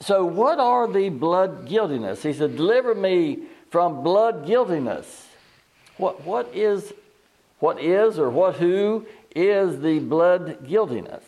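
A man's voice: sits high, animated, slow, darkish tone. An older man preaching an informal sermon in a folksy, digressive way, often restarting his sentences and chuckling at his own stories.

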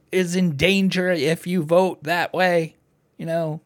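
This man's voice is a little high and his pace slow. Hosting a casual podcast, he gets animated ranting about politics, cursing freely and laughing a lot.

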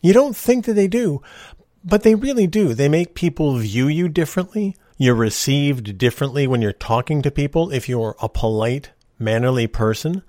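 Animated middle-aged man hosting a podcast. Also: fairly high pitch, normal speed, dry recording, clean studio sound. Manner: ranting, earnest, animated. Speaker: podcast host. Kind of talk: casual monologue.

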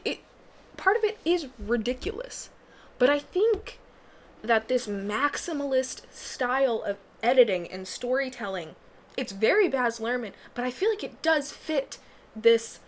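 A woman's voice: fairly high pitch, fairly bright tone. Young woman, podcast host in a small booth, rambling casual delivery, frequent laughs, faint background hiss. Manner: rambling, self-interrupting, laughs often. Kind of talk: casual solo podcast chat.

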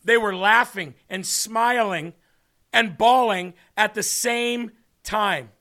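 A man who hosts a faith show and preaches tells a story sermon-style, acting out the dialogue of its characters with animation. His voice is high and his pace slow.

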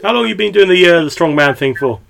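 Rambling bright-voiced podcast host, a man. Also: fairly high pitch, expressive, quick pace, creaky. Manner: rambling, chatty, laughs often, many fillers. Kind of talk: casual chat.

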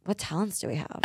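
A woman's voice: extremely high pitch, no room sound, studio quality. A young woman co-hosting a podcast, telling stories in casual chat, heavy on "like" and swearing. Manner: animated storytelling, heavy use of "like", swears freely. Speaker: podcast co-host. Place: small studio.

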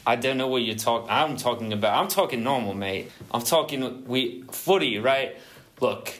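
A man's voice: mid-range voice, moderate pace, a bit bright, natural voice. A man doing a blustery English footy fan. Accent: put-on English. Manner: blustery, mock-dramatic. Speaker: podcast host.

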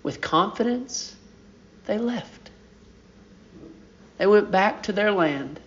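Pastor, male, higher-pitched voice, unhurried sermon delivery with emphatic peaks, muffled lo-fi recording. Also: expressive. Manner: deliberate preaching with rising emphatic peaks.

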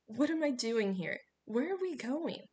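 Woman doing a bewildered teen boy, pleading, a bit higher, storybook. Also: big pitch swings, moderate pace, a little hiss or hum. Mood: confused. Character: confused teenage boy with amnesia.

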